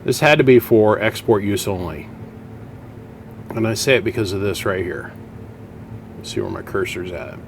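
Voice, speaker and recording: A man's voice: fairly low pitch, normal speed, vocal fry, pauses often, slight background noise. A man in his home workshop, talking through radio gear in a folksy, chatty way and thinking aloud as he explains. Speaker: radio equipment hobbyist. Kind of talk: casual workshop vlog.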